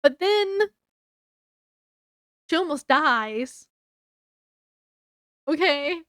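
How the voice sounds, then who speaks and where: Woman book reviewer, high voice, unhurried, chatty with fillers, dry close sound. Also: lively intonation, a bit bright, no room sound. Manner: chatty, many fillers, acts out quotes. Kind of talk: casual book review retelling.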